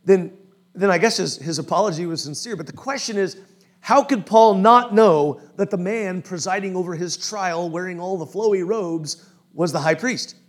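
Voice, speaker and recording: Male pastor, informal sermon, raised pitch, breathy edge, keeps asking "we good?"-style checks. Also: normal speed. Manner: informal, often checks in with the listeners. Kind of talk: conversational sermon.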